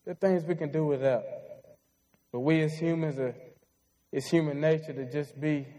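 A man's voice: fairly high pitch, steady tone, moderate pace, mellow, rough recording. A man in his twenties preaching a sermon, telling a heartfelt personal story in an earnest way. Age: 20s.

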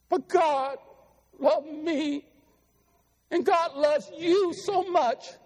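A middle-aged man delivers an earnest, pleading sermon in a high voice. His words ring out in a church sanctuary, and a long reverb trails behind each phrase. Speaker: preacher.

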